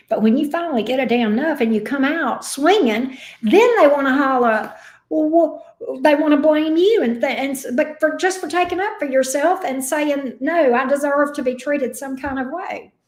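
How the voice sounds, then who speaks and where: A woman's voice: high voice, echoey room. A woman giving a casual tarot reading, talking bluntly, swearing freely and getting worked up. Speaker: tarot reader.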